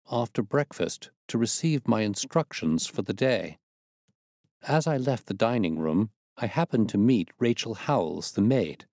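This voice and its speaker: Expressive male audiobook narrator. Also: lowish voice, dry recording, clean studio sound. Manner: measured, expressive reading. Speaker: storyteller. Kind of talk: audiobook reading of a classic detective story.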